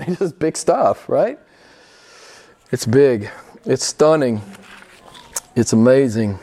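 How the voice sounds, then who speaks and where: A middle-aged pastor preaching a sermon, emphatic and questioning his congregation, jumping high in pitch when he quotes people. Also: expressive, slow, mellow. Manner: emphatic, rising high when quoting others.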